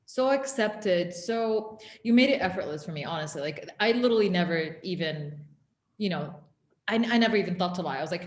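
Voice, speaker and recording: A woman's voice: lowish voice, lively intonation. A woman interviewer and former client talking casually and earnestly, stretching out words for emphasis. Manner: earnest, drawn-out emphasis, laughs easily. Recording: echoey room.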